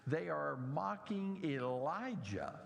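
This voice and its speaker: A man's voice: a little high, big pitch swings, slow, gravelly, big-room sound. A middle-aged man preaching a sermon in a church, animatedly mocking the scoffers in his story.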